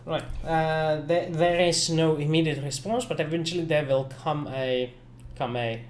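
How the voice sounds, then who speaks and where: A man's voice: a little high, fairly even intonation, unhurried, hardly any pauses, slight background noise. A man acting as game master for an online tabletop game, often stopping and restarting his sentences.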